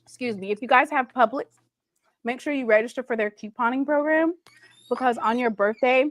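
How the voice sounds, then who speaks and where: A woman's voice: on the high side, a little fast, no echo, studio quality. Chatty woman host. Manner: chatty, playful, reads viewer comments aloud. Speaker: livestream host. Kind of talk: casual livestream chat.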